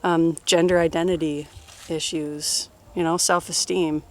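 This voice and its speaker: A woman in her thirties answering personal questions in a relaxed, rambling way, full of fillers and laughs. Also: low-pitched, unhurried. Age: 30s. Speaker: interviewee. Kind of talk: casual personal Q&A.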